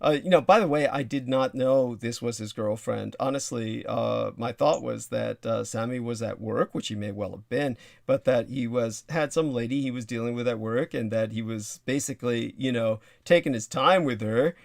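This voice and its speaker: A man's voice: mid-range voice, normal speed, gravelly, few pauses, no room sound, studio quality. A man hosting a casual livestream chat, rambling with lots of fillers and asides. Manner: rambling with many fillers and laughs. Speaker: livestream host.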